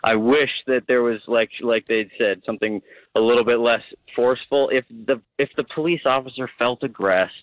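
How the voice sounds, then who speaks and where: Young male caller, tinny phone-line sound, dry, hesitant and halting. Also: medium pitch, no echo. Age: young adult. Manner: halting, searching for words. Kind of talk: call-in radio chat.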